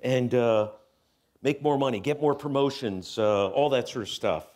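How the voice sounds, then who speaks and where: A middle-aged man giving a talk at a spiritual center as guest speaker, telling a personal story with animated, self-mocking delivery and acting out voices. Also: mid-range voice, moderate pace. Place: church hall. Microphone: handheld microphone.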